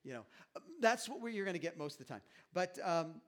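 A middle-aged man preaching a sermon as pastor, animated and jokey, acting out little quoted asides to the congregation. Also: sits high, fast.

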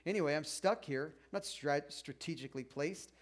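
High-voiced man preaching conversationally. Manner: informal, halting with restarts, acts out listeners' objections. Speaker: pastor. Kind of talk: conversational sermon.

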